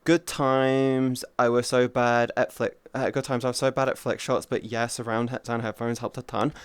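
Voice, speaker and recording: A VTuber streamer chatting casually with chat, rambling and swearing a lot, with sudden jumps to a high, excited pitch in stories. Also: moderate pace, few pauses, smooth, no room sound.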